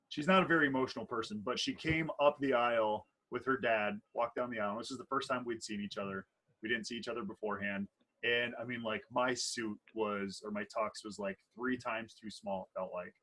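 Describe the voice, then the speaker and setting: He's in his thirties, a wedding DJ and MC co-hosting an easygoing podcast chat, and his mid-range voice has a sharp tone. The audio is poor, and his storytelling is playful and rambling, full of restarts.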